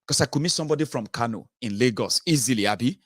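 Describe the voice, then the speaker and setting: A man's voice: medium pitch, expressive, quick pace, dry recording, studio quality. A man with a Yoruba Nigerian accent hosting an opinionated political monologue, emphatic and rhetorical, with lots of "uh" fillers and tag questions. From southern Nigeria. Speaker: political commentary host.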